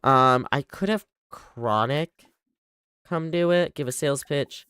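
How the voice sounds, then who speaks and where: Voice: mid-range voice, takes it slowly, a bit bright, clear, resonant tone, no echo, clean studio sound. A livestreamer giving casual running commentary on a game, chattily bossing the characters around. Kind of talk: casual live gameplay commentary.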